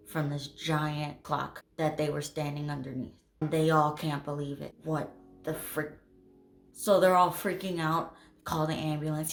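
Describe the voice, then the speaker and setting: A woman hosting a channel, retelling a horror manga in a chatty, animated way with many asides. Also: deep voice. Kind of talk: casual storytelling recap. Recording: echoey room with faint music.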